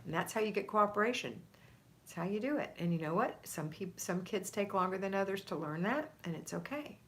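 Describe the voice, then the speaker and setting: A woman's voice: medium pitch, expressive, brisk, fairly bright tone. A middle-aged woman, chatting on a live stream and giving a firm, motherly pep talk to her viewers. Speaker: homemaking coach live-streaming.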